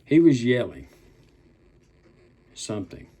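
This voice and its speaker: An older man rants in anger, blunt and full of profanity, drawing out the words he wants to hit hard. His voice is husky and a little rough, with a dark, mellow tone and no sparkle to it. It has the feel of a heated monologue to camera. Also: medium pitch, big pitch swings. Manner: blunt, profane and threatening, with drawn-out emphatic words. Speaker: political commentator. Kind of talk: angry political rant.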